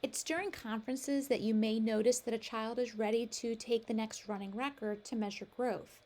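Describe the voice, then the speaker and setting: A woman with a slightly raised pitch narrates an instructional workshop for teachers. Her delivery is measured and explanatory, walking through each point in order. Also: steady tone, mellow.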